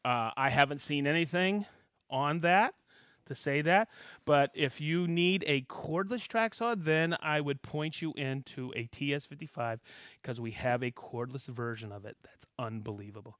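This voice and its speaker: A man hosting a live tool demonstration stream, talking excitably, laughing often and calling out to the room as he reads viewer shout-outs. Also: on the high side, moderate pace, dry recording.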